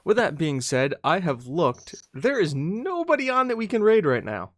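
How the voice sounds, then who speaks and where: A man co-hosting a podcast in a playful, joking way. His pitch moves lively up and down, and the recording is dry and close to the mic. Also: moderate pace, dry recording. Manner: joking, playful, does voices. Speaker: podcast co-host. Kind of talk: casual chat on a live stream.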